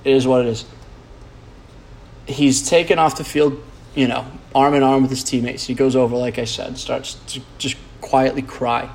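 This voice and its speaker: A man's voice: mid-range voice, level tone, normal speed, gravelly, darkish tone. A man, a podcast host, rambling in a casual monologue, blunt and profane, full of "like" and restarts.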